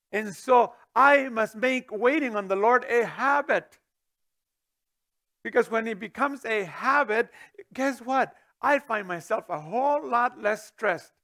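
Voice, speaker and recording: A middle-aged man preaching a sermon as pastor, swinging from booming to hushed with chuckling asides.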